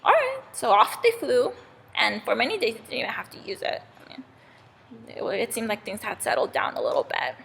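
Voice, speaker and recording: A woman's voice: on the high side, wildly swooping pitch, a little fast, gravelly, a bit bright, a little hiss or hum. A young woman casually retelling a fable aloud as a student storyteller, with many fillers. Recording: long reverb in a hall.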